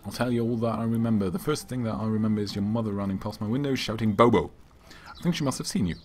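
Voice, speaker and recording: A slightly hoarse man voicing a frightened young male village apprentice, breathless and pleading. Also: lowish voice, rapid-fire, darkish tone, a little hiss or hum, lightly acted. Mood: anxious.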